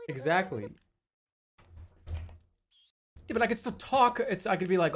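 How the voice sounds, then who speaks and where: A man's voice: high-pitched, big pitch swings, takes it slowly, long pauses. A man streaming a video game and giving casual commentary, rambling and joking with a lot of swearing. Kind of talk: casual let's-play commentary.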